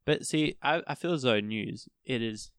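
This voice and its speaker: A man's voice: mid-range voice, moderate pace, a bit bright, smooth, no room sound, clean studio sound. A young man co-hosting a casual podcast, goofy and playfully clueless, cracking jokes. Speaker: podcast co-host.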